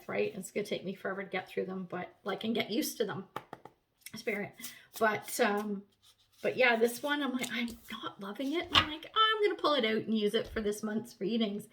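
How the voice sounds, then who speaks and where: A woman giving a casual tarot reading to camera, chatty and animated, swearing freely and laughing often. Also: a little high, a little hiss or hum. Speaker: tarot reader.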